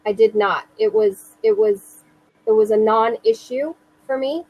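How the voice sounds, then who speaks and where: A woman in her thirties, a mother recounting her own experience in an interview, speaking slowly and earnestly with halting restarts. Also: fairly high pitch, highs cut off. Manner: slow, earnest, self-reassuring, halting restarts. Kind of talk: personal testimony in an interview.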